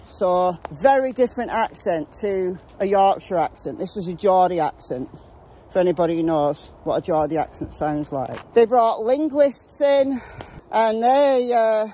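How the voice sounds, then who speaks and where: A woman's voice: mid-range voice, warm tone, a little hiss or hum, low-quality recording. A woman hosting a true-crime show, telling the story in a casual, conversational way with asides. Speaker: true crime podcast host. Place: outdoors, walking near traffic.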